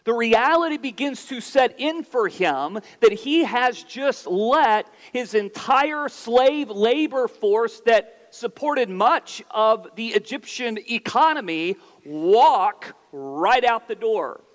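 A man preaching a sermon in a deliberate, explanatory way, often restarting phrases for emphasis. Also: very high voice, lively intonation, long reverb tail.

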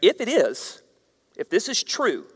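Pastor guy preaching, fairly high voice, goes from shouting to whispering, long echo in the hall. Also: huge pitch swings, a little slow, husky. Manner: swings from shouted emphasis to hushed whispers. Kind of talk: sermon. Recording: reverberant hall, voice at times far from mic.

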